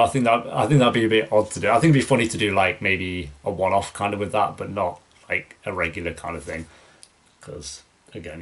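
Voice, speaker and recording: A young man with a deep, low voice hosts a relaxed Q&A. He rambles through viewer questions, loose and chatty, restarting his sentences and filling gaps with "um" and "like". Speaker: YouTube reaction channel host. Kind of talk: casual Q&A, reading viewer questions.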